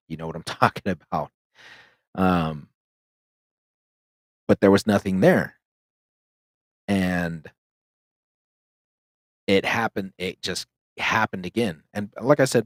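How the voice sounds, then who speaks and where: A man's voice: sits low, dry recording. A man hosting a paranormal podcast, telling a ghost story in a loose, rambling way full of "like" and "um,". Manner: loose and rambling, heavy use of "like" and "um". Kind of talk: casual storytelling.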